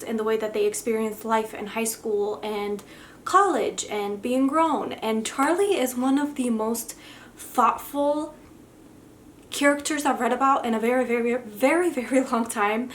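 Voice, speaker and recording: A young woman talks straight to the camera in a casual book review, her voice sitting a touch high. She gushes with open, heartfelt emotion. Faint room ambience hangs behind her. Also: slight background noise. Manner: effusive and heartfelt, gushing with emotion. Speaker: book vlogger.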